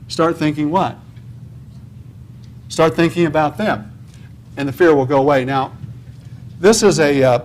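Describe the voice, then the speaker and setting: A man's voice: a little high, slight background noise. Man giving a motivational seminar talk. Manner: preachy, asks the audience questions and answers them; says "okay?" often. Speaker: conference speaker. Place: conference hall.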